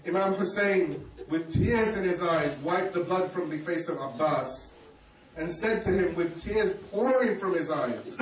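A man's voice: sits high, unhurried, a little hiss or hum. A man preaching a mourning sermon, telling a story with emotion and grief. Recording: echoey hall, distant mic, faint ambience.

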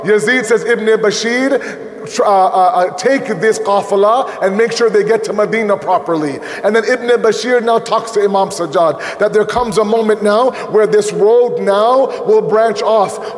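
A man giving an emotional sermon that builds into impassioned, shouted storytelling. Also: sits high, unhurried. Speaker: preacher. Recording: echoey hall.

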